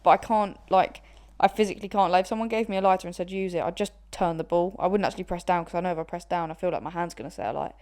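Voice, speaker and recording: A woman's voice: on the low side, steady tone, racing, few pauses, darkish tone. Laughing, swearing young woman podcaster. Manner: laughs a lot, swears freely. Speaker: podcast co-host. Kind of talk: casual chat.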